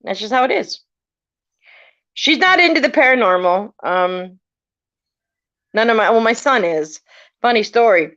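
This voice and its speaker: A middle-aged woman, chatting casually on a live stream and telling animated stories, often acting out the lines of the people in them. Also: fairly high pitch, measured pace, long pauses. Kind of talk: casual storytelling chat. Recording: muffled lo-fi live stream audio.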